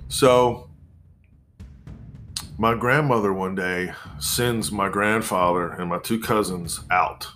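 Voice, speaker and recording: Man, 40s, deep voice, reflective personal monologue with pauses, faint music behind. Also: fairly bright tone. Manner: measured, reflective, with pauses and restarts. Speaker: storyteller.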